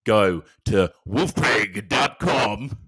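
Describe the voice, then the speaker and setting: Man doing put-on Australian accent, jokey sponsor announcer, deep voice, hammy drawn-out read. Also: animated, fairly bright tone, slightly rough, exaggerated voice.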